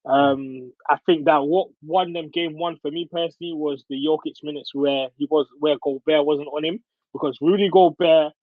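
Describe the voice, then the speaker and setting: A man appearing as a podcast guest, chatting casually and in a relaxed way about basketball. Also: fairly high pitch, normal speed, no echo. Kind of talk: casual sports chat. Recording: dull, dry sound.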